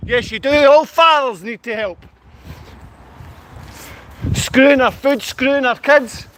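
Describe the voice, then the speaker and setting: A man's voice: very high voice, normal speed, long pauses, fairly bright tone, slight background noise. A man ranting angrily on a livestream, berating and confronting his viewers in blunt, repetitive bursts. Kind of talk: angry livestream rant.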